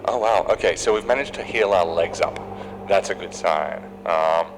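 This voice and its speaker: Low-voiced Australian man rambling over gameplay. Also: moderate pace. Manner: rambling and tangential, full of fillers. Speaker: game developer. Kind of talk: gameplay commentary. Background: game sounds and noise.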